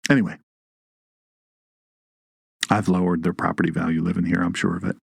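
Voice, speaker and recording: A man's voice: sits low, level tone, brisk, gravelly, breathy edge, no room sound, clean studio sound. A man hosting an online Bible teaching show, with a folksy, joking manner and emphatic rises on key points. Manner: folksy, jokey asides, reads live chat.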